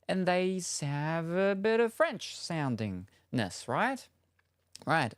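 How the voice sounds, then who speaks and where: A man's voice: on the high side, animated, takes it slowly, smooth, no echo, clean studio sound. A young man live-streaming from home, chatting casually and playfully, reading out viewer names and messages with many fillers. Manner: rambling, playful, reads chat messages aloud.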